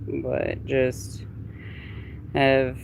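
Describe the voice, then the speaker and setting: A woman chatting casually with viewers on a live stream in an animated way. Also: very deep voice, drawn-out words, creaky, a little hiss or hum, poor audio. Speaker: livestreamer.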